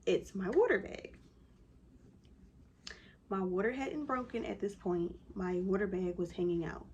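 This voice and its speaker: A woman vlogger telling a story from her own life to the camera. She talks casually and dramatically, using plenty of "like" fillers at a middling pitch. A faint hiss sits behind her voice. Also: unhurried, muffled recording. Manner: animated, lots of "like" fillers.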